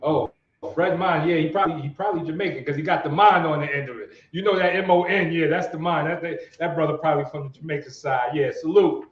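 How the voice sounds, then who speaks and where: A man hosts a casual live stream, calling out and saluting viewers in the chat. His voice sits a little high. The audio is roomy and dull, as if picked up in an echoing space. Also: quick pace, hardly any pauses. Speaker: host.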